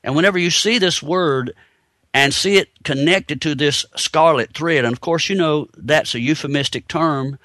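Man, Bible teacher, bright clear voice, dry close sound, explanatory sermon delivery. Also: fairly high pitch, normal speed, no echo. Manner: explanatory, building points step by step with rhetorical questions.

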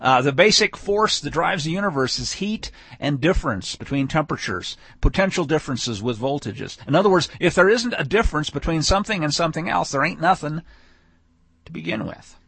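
A man's voice: on the high side, expressive, brisk, creaky, a bit bright, breathy edge, dry recording. A man giving a conversational weekly scripture teaching, explaining verses with frequent fillers and restarts. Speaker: Bible teacher. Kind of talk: weekly Torah portion teaching.

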